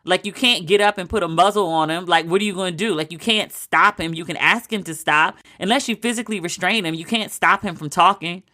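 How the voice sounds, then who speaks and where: Bright-voiced, ranting woman podcast host. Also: fairly low pitch, fairly quick, few pauses. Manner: animated, sarcastic ranting with frequent profanity. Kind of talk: casual commentary podcast.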